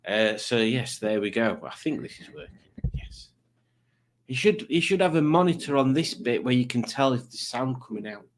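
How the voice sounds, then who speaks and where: A man's voice: medium pitch, lively intonation, normal speed, slight background noise. Rambling, jokey man hosting a quiz. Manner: rambling, self-mocking, jokey asides. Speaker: quiz show host. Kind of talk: casual live-stream chat.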